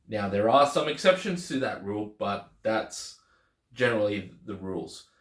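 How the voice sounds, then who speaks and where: Guy teaching a language lesson, lowish voice, kinda echoey room, easygoing, restarts a lot. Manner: relaxed, repeats words and restarts while explaining. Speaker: Greek teacher. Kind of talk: explanatory lesson.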